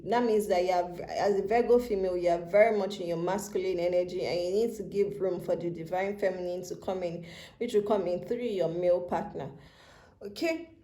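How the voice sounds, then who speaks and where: Her voice sits on the low side with a dark tone, echoing around the room as she offers a channeled tarot reading. Emotional and almost crying, she speaks tenderly, calling the listener "baby" and "love," filmed on a handheld phone camera.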